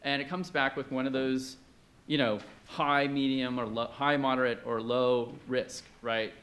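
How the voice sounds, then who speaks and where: Man, mid-pitched, presenting at a conference; loose, halting, chatty delivery. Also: level tone, fairly bright tone. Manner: conversational, hesitant, many fillers, questions to the audience. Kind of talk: academic conference talk.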